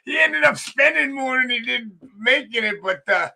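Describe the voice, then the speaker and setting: A blunt, profane man with a gravelly voice, pitched very high. His tone is sharp and bright. He talks in quick, rough bursts. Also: expressive. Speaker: guest wrestler at an autograph signing. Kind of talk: casual storytelling.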